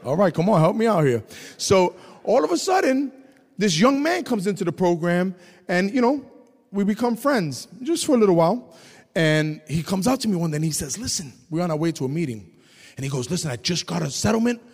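A man preaching a testimony sermon, telling his story with animated delivery and shouting at high points. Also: brisk, husky, in a large hall.

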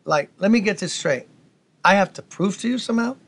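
An imposing male angel with a brash New York accent, as a preacher puts him on, indignant and challenging. He fires off rhetorical questions in a high, pressing voice. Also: animated, fairly quick, fairly bright tone, heavily acted. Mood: scolding.

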